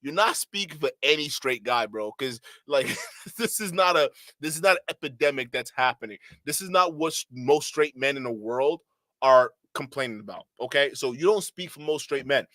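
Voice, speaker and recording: Bright-voiced guy reacting to a clip, slangy and laughing, in disbelief, dry close sound. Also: mid-range voice, animated, normal speed, no echo. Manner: incredulous, laughs often, slangy. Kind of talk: casual reaction stream talk.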